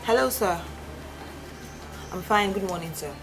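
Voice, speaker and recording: An actress playing a young woman chatting on the phone, bright and a little hesitant, in a film. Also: medium pitch, expressive, unhurried, poor audio. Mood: chatty. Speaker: character in a film. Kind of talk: film acting. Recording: film audio with loud music.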